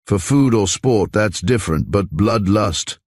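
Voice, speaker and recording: A man's voice: on the low side, lively intonation, measured pace, darkish tone, no room sound, studio quality. A man voicing a gloomy young man who talks in a wry, self-mocking way.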